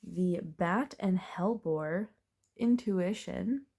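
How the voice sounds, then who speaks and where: A woman's voice: fairly low pitch, extremely slow, dark tone, slightly rough. A woman doing a casual, chatty tarot reading, thinking aloud as she turns the cards and laughing now and then. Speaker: tarot reader.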